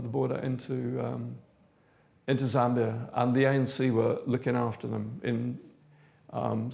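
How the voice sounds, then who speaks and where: An older man from South Africa, an interviewee recounting his past in a measured, thoughtful way with frequent pauses. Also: mid-range voice, creaky, darkish tone. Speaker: interviewee, theatre director. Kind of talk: reflective personal recollection.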